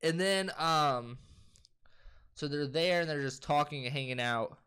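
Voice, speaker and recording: A young man with a slightly high voice retells a movie in an animated, profane rush. He jumps into quoted lines as he goes, casual and unpolished, like friends talking on the couch. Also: measured pace, clear, resonant tone. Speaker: co-host. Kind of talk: casual movie recap chat.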